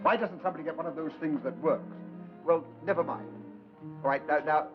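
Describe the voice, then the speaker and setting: An actor playing a fussy, pompous screen-test director who coaxes briskly and condescendingly. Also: male voice, on the high side, close to an everyday voice. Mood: coaxing. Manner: brisk, condescending, "old boy" coaxing. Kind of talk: 1940s film acting. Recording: dull old film soundtrack with music.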